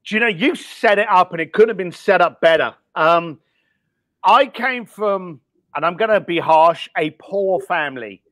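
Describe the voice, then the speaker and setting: Middle-aged guest with a blurred East London accent: high-pitched, candid, casual, the odd swear, dry close sound. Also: male voice, lively intonation, normal speed, a bit bright, no echo. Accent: mixed East London. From East London, England. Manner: candid, blunt, with mild swearing and frequent ums. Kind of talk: casual podcast interview.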